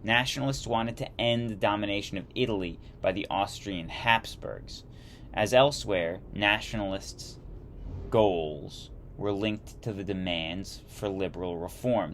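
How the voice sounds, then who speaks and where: A man's voice: on the low side, slight background noise. A man reading a history textbook aloud as a teacher, stumbling and correcting himself, with chatty asides in between.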